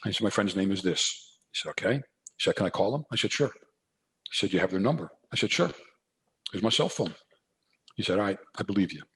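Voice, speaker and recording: An older man from New Jersey, guesting on a podcast, tells a story in a lowish voice at a fairly quick clip, with long pauses. It's a casual storytelling interview, and he animatedly acts out both sides of the dialogue.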